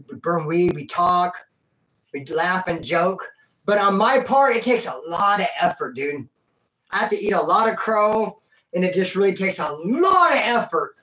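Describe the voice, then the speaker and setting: A vlogger with a high-pitched, slightly bright male voice tells a rambling personal story about prison and his life, speaking casually with slang and calling the listener dude and bro.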